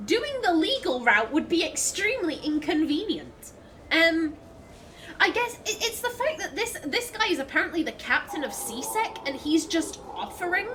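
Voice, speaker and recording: Bright, high-voiced woman gamer. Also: slight background noise. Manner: chatty, swears freely, laughs often. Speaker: let's play host. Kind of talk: casual gameplay commentary.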